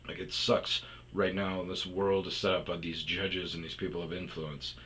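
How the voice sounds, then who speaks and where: Deep-voiced man with a tense, forceful edge, rambling casually through profane stories. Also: flat delivery, moderate pace, slight background noise, poor audio. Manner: rambling, profane, frequent restarts and fillers. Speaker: storytelling podcaster. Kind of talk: rambling casual storytelling monologue.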